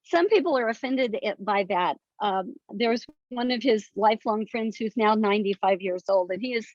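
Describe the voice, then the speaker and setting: A woman's voice: mid-range voice, normal speed, no echo. Older woman telling stories earnestly. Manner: earnest, detailed storytelling. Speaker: guest author. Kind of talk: conversational interview. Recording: dry, slightly dull sound.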